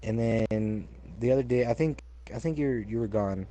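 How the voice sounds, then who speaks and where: A young man chatting casually, telling stories with lots of repeated words and loud acted-out quotes. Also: mid-range voice, moderate pace. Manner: animated storyteller, repeats words, acts out quotes loudly. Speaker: co-host telling work stories. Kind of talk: casual chat.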